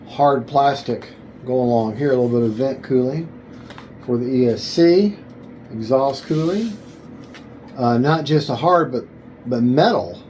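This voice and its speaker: Slow-talking man unboxing a model plane. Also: mid-range voice, a little mellow, a little hiss or hum, low-quality recording. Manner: thinking aloud, self-correcting, enthusiastic. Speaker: RC hobby video host. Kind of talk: casual unboxing commentary.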